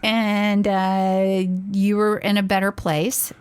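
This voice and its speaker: Mom on a podcast telling a story, animated, does the voices, mid pitch. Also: female voice, slow pace, smooth. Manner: animated, acts out quoted dialogue, laughs. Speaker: podcast co-host, parent. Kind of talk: casual chat, storytelling.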